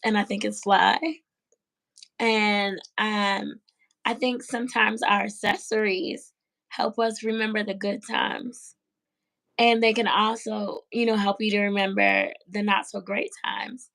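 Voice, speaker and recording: A woman's voice: mid-range voice, steady tone, a little slow, vocal fry, fairly bright tone. A woman hosting a casual interview about fashion, speaking in a thoughtful, encouraging way. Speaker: interviewer, show host.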